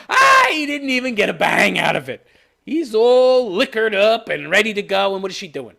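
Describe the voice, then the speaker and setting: Sarcastic ranting man, gravelly voice. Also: high-pitched, huge pitch swings, moderate pace, pushed and bright. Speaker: show reviewer. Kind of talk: ranting review vlog.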